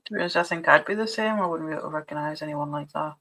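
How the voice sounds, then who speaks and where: A woman's voice: low-pitched, very fast, a bit bright, slight background noise, poor audio. A woman co-hosting a casual livestream who chats in a friendly, helpful way while she paints.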